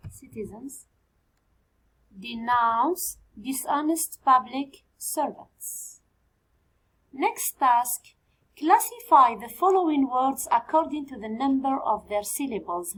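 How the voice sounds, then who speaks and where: High-voiced Algerian teacher woman. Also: fairly bright tone, breathy edge, rough recording. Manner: spells and counts out answers slowly for students. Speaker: English teacher. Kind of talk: exam review lesson, code-switching with Arabic.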